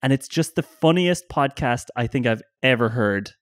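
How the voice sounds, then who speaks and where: A man's voice: mid-range voice, lively intonation, normal speed, no room sound, clean studio sound. A man with an Irish accent co-hosting a casual podcast chat, eagerly giving book and podcast recommendations. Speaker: podcast co-host.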